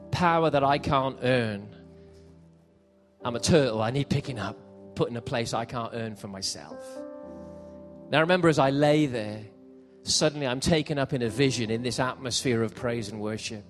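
A man preaching a live sermon at a church service, building passionately and sometimes shouting. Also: medium pitch, normal speed. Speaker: pastor. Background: faint piano.

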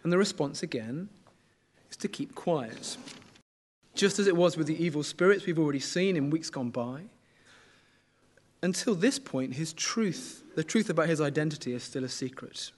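Middle-aged man, sermon, conversational, slightly high pitch. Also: expressive, moderate pace. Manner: conversational, asks the congregation questions. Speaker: preacher.

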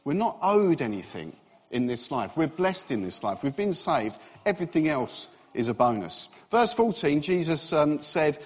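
A man preaches in a relaxed, conversational way, with fillers and self-deprecating asides. His voice sits fairly high for a man. The long reverb of a church building hangs on his words, and the sound is slightly dull. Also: moderate pace, breathy edge. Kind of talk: sermon.

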